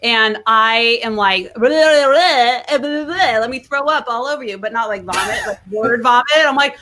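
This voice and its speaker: A woman guest on a live video-call show, telling stories in an excitable, gushing way full of "like.". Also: a little high, moderate pace, crowd noise. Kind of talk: animated storytelling.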